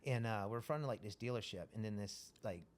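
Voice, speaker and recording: Profane, animated male storyteller. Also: on the low side, fast talker. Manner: profane, animated, acts out quoted dialogue. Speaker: podcast guest. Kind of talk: casual storytelling.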